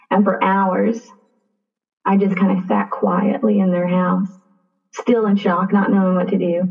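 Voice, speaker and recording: A young woman, a podcast guest, quietly and reflectively recounting a personal story. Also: fairly low pitch, gravelly. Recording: tinny phone-like line.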